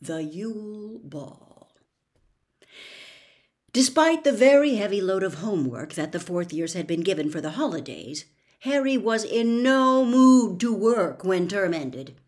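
Expressive woman reading a storybook. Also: mid-range voice, measured pace. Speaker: reader. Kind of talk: audiobook reading.

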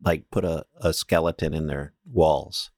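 Male co-host, low pitch, wry dry humor, dry close recording. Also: steady tone, unhurried, darkish tone, dry recording. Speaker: podcast co-host. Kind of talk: casual chat.

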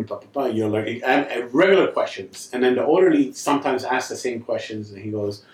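A man's voice: mid-range voice, brisk, few pauses, a little mellow, breathy edge. A man on a podcast telling a story in casual chat, swearing often and laughing as he acts out what others said. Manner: profane, laughing storyteller acting out quotes. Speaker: podcast co-host.

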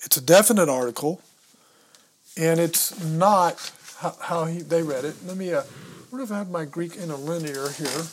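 A man's voice: a little high, normal speed, slight background noise. A man co-hosting a podcast, explaining a Bible passage step by step. He reads verses and Greek words aloud and thinks aloud as he looks through his books. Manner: reads scripture and Greek words aloud, stumbling over pronunciation. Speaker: podcast co-host. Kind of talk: casual teaching talk on scripture.

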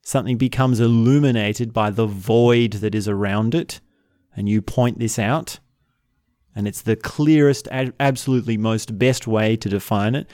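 A man teaching in a slow, reflective way, often repeating short example phrases. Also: lowish voice, a little mellow, no room sound, studio quality. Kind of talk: spoken teaching talk.

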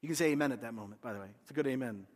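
A man's voice: mid-range voice, very fast, darkish tone, big-room sound. A man preaching a sermon, retelling a scripture story dramatically and acting out the voices of its figures. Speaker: pastor.

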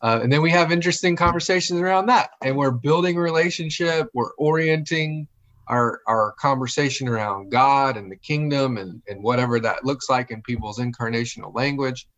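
A male pastor chats casually and with real animation, frequently acting out the voices of people he quotes. His voice is mid-range and his pace moderate. The lo-fi audio sounds dull.

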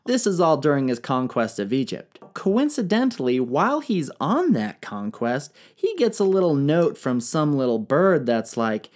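A woman's voice: sits low, big pitch swings, moderate pace, hardly any pauses, darkish tone. A woman retelling ancient history in a comedic, irreverent style, full of slang, swearing and jokes. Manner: irreverent, profane, slangy, jokey.

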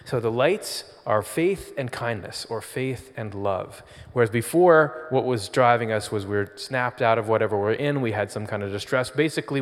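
Man giving a casual sermon in a hall. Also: on the low side. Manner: conversational, pausing, storytelling. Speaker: spiritual speaker. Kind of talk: informal sermon.

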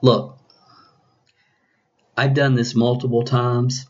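Man, business coach, podcast talk, slow, probing questions, lo-fi recording. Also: mid-range voice, little pitch movement, a little mellow. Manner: probing, repeats questions, many restarts.

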